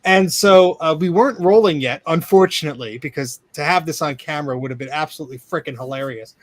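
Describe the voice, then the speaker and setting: A man co-hosting a casual online show, telling a funny story with animated bursts and acted-out exclamations. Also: fairly high pitch, fast, no echo. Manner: animated storyteller, acts out voices in anecdotes. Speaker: podcast co-host. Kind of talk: casual chat.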